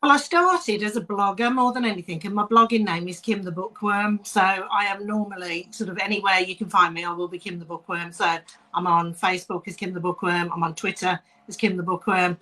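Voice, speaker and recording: A woman's voice: medium pitch, steady tone, fairly quick, pushed and bright, low-quality recording. A woman from Staffordshire with a West Midlands accent, answering interview questions over a video call in a friendly way with many ums. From Staffordshire, England. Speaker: author and guest.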